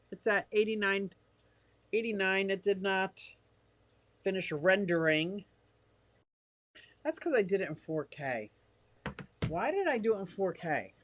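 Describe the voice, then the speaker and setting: An older man live-streaming from his fish room, rambling casually and reading comments from the chat aloud. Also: sits high.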